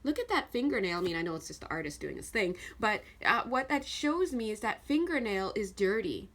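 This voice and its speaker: A woman giving a casual tarot reading, talking straight to the viewer in a chatty, animated way and laughing often. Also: mid-range voice, fairly quick. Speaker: tarot card reader.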